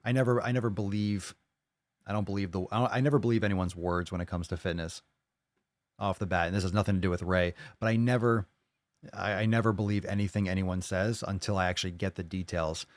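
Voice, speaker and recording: A man's voice: deep voice, steady tone, fast, no room sound. A man hosting a podcast on his own, reading listener posts aloud and reacting to them bluntly, with a lot of profanity and open skepticism. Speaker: podcast host. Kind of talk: casual solo podcast monologue.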